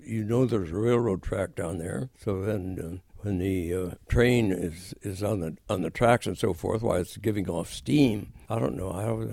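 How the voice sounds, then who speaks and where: An older man in his nineties, a war veteran, telling stories in an interview, unhurried and halting with many fillers. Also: fairly low pitch, vocal fry, mellow, no room sound, studio quality. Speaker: Korean War veteran guest. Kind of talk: interview storytelling.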